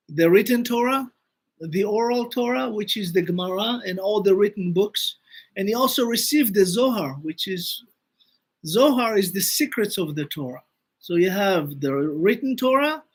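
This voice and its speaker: A man, a rabbi teaching a Torah class and telling stories, acting out the quoted speech with animation. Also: high-pitched.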